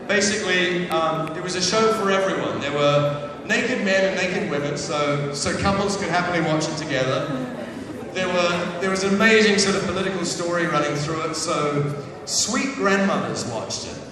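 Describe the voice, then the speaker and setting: A man's voice: high voice, normal speed, crowd noise. A man telling playful, self-mocking stories about his acting work to a live audience, with many restarts. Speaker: actor speaking to an audience. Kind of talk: casual anecdotes on stage. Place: large hall before an audience. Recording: echoey hall, far from the mic. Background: audience sounds.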